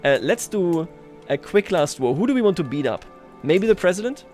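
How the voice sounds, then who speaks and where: A man's voice: sits high, big pitch swings, moderate pace, a little mellow, soft background music. A man livestreaming a strategy game, talking casually to his chat, self-mocking and chuckling often. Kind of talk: casual gameplay commentary.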